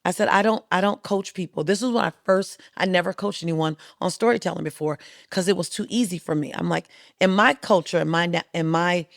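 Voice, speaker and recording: A woman guest speaker on a podcast tells stories with emphatic rhythm and lively drive. Her voice has a gravelly edge, and the studio sound is close and dry, with no room around it. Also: fairly low pitch, fairly quick, no echo. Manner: emphatic, rhythmic, animated storytelling. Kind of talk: storytelling interview talk.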